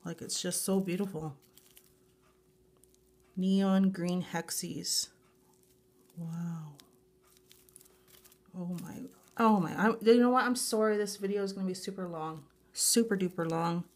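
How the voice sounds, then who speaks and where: A woman's voice: on the low side, slow pace, pauses often, a little mellow. A woman vlogging as she unboxes a grab bag of nail supplies, gushing with breathless exclamations and repeating herself. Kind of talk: unboxing a grab bag, excited casual chat.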